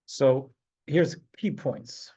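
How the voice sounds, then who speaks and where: A middle-aged man, a rabbi teaching an informal class, telling a heartfelt story in a halting way. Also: mid-range voice, warm tone, slightly rough. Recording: dull lo-fi recording.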